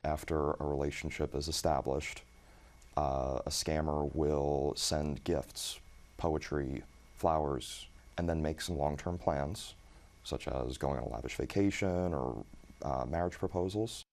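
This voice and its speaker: Very deep-voiced male FBI agent. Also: steady tone, unhurried, a little mellow. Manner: matter-of-fact, explanatory. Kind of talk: interview.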